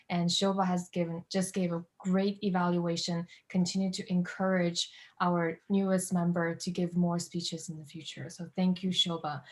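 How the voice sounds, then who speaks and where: A woman hosts a club meeting over a video call. Her voice sits slightly low, and she sounds upbeat and instructive as she introduces each evaluator. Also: darkish tone. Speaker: meeting facilitator.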